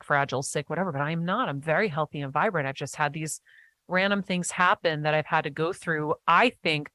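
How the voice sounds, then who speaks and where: A woman guest in a casual interview chat, talking eagerly in animated bursts with quick restarts. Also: low voice, no room sound.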